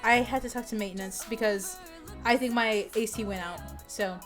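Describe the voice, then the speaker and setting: A young woman streaming, chatting casually with viewers in a bubbly, excitable way as she gets ready to read a fanfic aloud. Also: on the high side, moderate pace, faint music behind. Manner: bubbly, excitable, repeats greetings. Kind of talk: casual livestream chat.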